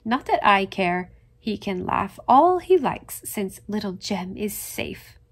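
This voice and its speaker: A woman voicing a brisk, devoted housekeeper in a storybook reading. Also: medium pitch, big pitch swings, full character voice. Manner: brisk and homely.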